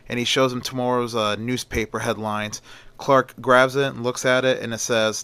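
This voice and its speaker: A man narrating a homemade adventure story in a casual, rambling manner. His voice is bright and forceful, with a close, dry sound. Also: mid-range voice, flat delivery, normal speed, clear, resonant tone, dry recording. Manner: rambling, with fillers and restarts.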